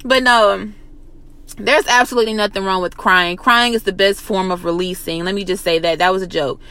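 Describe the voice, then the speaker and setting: A woman's voice: mid-range voice, fairly even intonation, moderate pace, bright, forceful tone, dry recording. Profane, pep-talking woman. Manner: blunt, profane, repeats phrases for emphasis. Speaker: motivational vlogger. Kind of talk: casual motivational pep talk.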